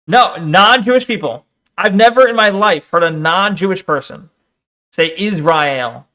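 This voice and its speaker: A man's voice: high voice, unhurried, bright, forceful tone. A man streamer giving casual, crude reaction commentary, teasing and laughing often. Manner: crude, profane banter.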